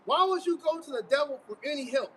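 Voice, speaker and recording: A man with a very high, lifted voice talks emphatically in street slang and reads passages aloud. He sits back from the mic outdoors, with a faint hum of passing traffic behind him. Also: animated, quick pace, fairly bright tone, distant mic, poor audio. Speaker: co-host of a live street broadcast. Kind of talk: live-stream discussion.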